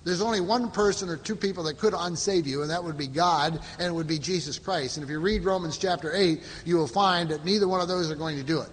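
A man's voice: fairly high pitch, fast talker, hardly any pauses, big-room sound, a little hiss or hum. A man teaching a Bible study to a group, reading verses aloud and explaining them with frequent fillers and restarts.

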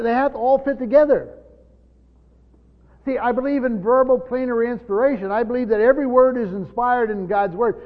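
A man with a high voice teaching a Bible lesson from a church pulpit. He speaks with emphasis and keeps posing rhetorical questions to the room. The recording is dull and lo-fi, with a long hall reverb trailing each phrase. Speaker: pastor teaching Bible study. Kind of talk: teaching sermon.

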